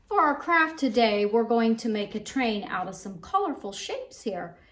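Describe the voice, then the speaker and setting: A woman who is a children's librarian, reading a picture book aloud and showing a craft in an expressive, sing-song way. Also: a little high. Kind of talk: storytime read-aloud and craft demo.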